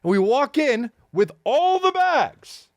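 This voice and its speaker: A man's voice: very high voice, very animated, takes it slowly, no room sound, clean studio sound. A middle-aged man hosting a podcast, telling a comic story with profane, exaggerated delivery. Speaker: podcast host.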